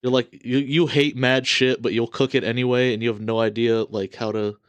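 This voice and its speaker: A man's voice: medium pitch, little pitch movement, brisk, clean tone, no room sound. An American man co-hosting a podcast, trading blunt, profane, teasing banter. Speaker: podcast co-host.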